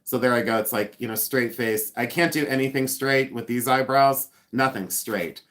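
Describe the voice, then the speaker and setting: A man's voice: mid-range voice, moderate pace, a bit bright. A man hosting a casual live stream, chatty and rambling, laughing often and joking with sarcasm. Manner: sarcastic humor.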